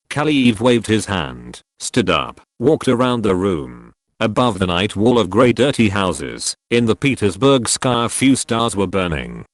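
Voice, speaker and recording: A male audiobook narrator with a low voice that rises and falls in lively swings of pitch. He reads in a measured, expressive way. The sound is dry and close, like a small recording booth. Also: no echo. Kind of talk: scripted narration.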